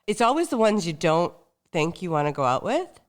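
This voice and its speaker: A woman's voice: on the low side, big pitch swings, moderate pace. A woman hosting a dating podcast, enthusiastic and affirming toward her guest. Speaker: podcast host. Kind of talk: podcast interview.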